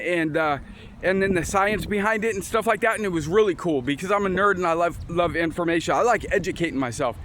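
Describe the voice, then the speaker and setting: A man's voice: high-pitched, a bit bright. A man telling his life story in a casual, rambling way, restarting sentences and acting out the conversations he recalls, recorded outdoors on a windy day. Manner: rambling, restarts, acts out quoted exchanges. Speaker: storyteller sharing his testimony. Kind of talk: casual personal testimony.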